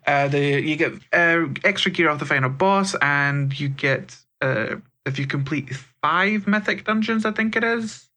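A man's voice: a little high, normal speed, hardly any pauses, bright, forceful tone. A man with a Scottish accent co-hosting a gaming podcast, chatting casually and rambling a little. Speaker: podcast co-host.

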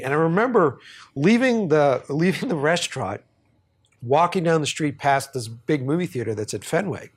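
A man's voice: on the high side, moderate pace, husky. A man hosting a podcast, telling a story in a casual, profane way and often laughing. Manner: animated, profane, laughs while telling stories. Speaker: podcast host.

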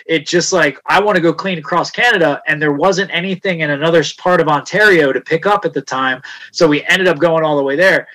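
A man talking in casual podcast chat, laid-back and profane, with his voice dropping into low mutters as he tells his story. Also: fairly bright tone, low-quality recording. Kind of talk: casual conversation.

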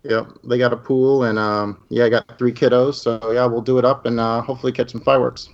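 A man's voice: medium pitch, level tone, brisk, muffled recording. A man with Minnesota roots living in the American South, chatting easily as a podcast guest. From Minnesota roots, lives in South Carolina. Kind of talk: casual chat.

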